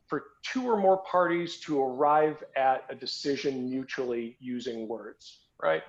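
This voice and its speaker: A man hosting a podcast, telling a story in a casual, conversational way with frequent restarts and repeated words. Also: medium pitch. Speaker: podcast host. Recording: dull lo-fi podcast audio.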